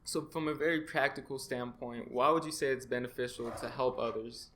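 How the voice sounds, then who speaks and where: A man's voice: medium pitch, steady tone, brisk, a bit bright, a little hiss or hum. A man hosting an interview, asking open, thoughtful questions in an attentive way. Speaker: interviewer, host.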